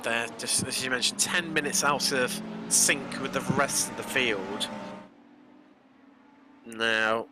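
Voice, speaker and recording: A man's voice: medium pitch, slow, long pauses, very noisy. A man co-commentating on a sim race, chatty and jokey in friendly back-and-forth with his partner.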